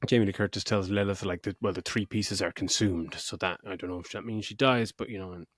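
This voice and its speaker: A man's voice: low voice, fairly even intonation, fast talker, a bit bright, dry recording, clean studio sound. A middle-aged man hosting a podcast, retelling a film plot in a rambling, sweary, casual way. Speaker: podcast host. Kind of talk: casual film review chat.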